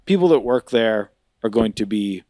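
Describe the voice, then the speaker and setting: On a podcast he co-hosts, a man tells a funny story in casual chat, speaking at a moderate pace in clean, echo-free studio sound. He's animated and laughs a lot, mimicking voices with big jumps in pitch.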